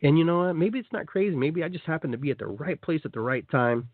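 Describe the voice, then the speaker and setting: A slightly high-voiced man talks fast on a tinny phone line with no echo. He's a radio host and shamanic guide running a live call-in show, chatting enthusiastically and leading listeners through a meditation with many repeats and restarts.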